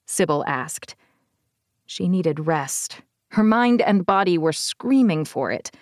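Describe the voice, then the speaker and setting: A woman reads fiction aloud in a measured, steady audiobook narration. Her voice sits on the lower side for a woman. The recording is close and completely dry. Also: dry recording.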